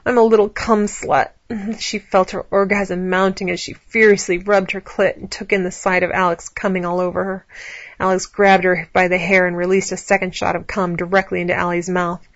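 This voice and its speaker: Low, flat-voiced woman narrator. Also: fairly quick, no room sound, dull audio. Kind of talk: erotic story reading.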